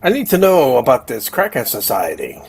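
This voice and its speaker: A man's voice: mid-range voice, huge pitch swings, normal speed, creaky, a little mellow, soft background music. A man playing a tabletop game who speaks hesitantly and often stammers while in character. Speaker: player.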